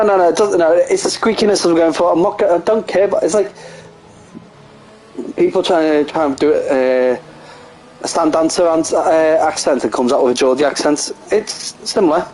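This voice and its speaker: A man giving casual live sim racing commentary, excitable and jokey, often laughing at his own crude remarks. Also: on the high side, a little hiss or hum, low-quality recording. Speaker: race commentator.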